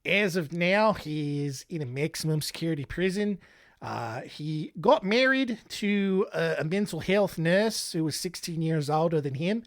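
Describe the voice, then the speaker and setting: An American podcast host with a slightly high voice and lively intonation speaks unhurriedly over clean studio sound with no room sound. He puts on an Australian accent that keeps wandering toward British, Scottish and Irish, chatting casually with rambling, self-mocking asides.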